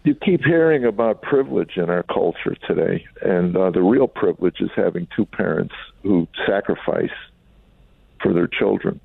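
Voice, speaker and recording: A middle-aged man from Chicago with a very low, gravelly voice tells candid family stories with a wry, reflective edge. He comes through a narrow, tinny phone line, dry and close. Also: expressive, moderate pace, no echo. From Chicago, USA. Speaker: comedian and author, guest. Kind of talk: candid storytelling in an interview.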